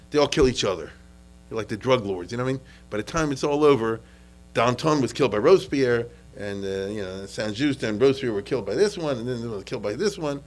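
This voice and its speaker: A man's voice: medium pitch, low-quality recording. Chatty man lecturing, checking in often. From United States. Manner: conversational, checks in with "okay?" and "you understand?"; frequent restarts and repetitions. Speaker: history lecturer. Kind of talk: informal history lecture.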